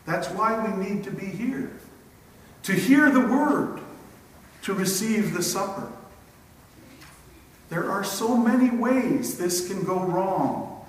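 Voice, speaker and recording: A man preaching a sermon with slow, emphatic phrasing and long dramatic pauses. His voice sits somewhat high for a man. He is recorded from far off in a church, with a long, booming reverb. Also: big pitch swings. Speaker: pastor. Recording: echoey church hall from far off.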